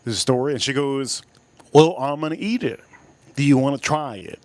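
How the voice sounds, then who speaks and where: A man's voice: mid-range voice, fairly quick, darkish tone, no echo. A man hosting a casual livestream, telling a crude story with lots of repetition. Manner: crude, rambling, repeats himself for effect. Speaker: livestream host.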